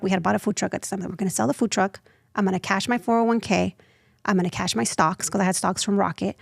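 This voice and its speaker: A woman in her thirties, a nonprofit founder telling her story as an interview guest, lively and acting out the voices she quotes. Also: medium pitch, vocal fry, no room sound, studio quality. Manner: animated, acts out quoted voices.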